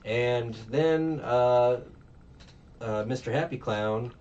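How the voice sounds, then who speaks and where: A man's voice: mid-range voice, slow, a little mellow, clear, resonant tone. A man casually recapping a movie plot, rambling with lots of ums and uhs and acting out the characters' lines. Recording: distant, muffled mic with faint noise.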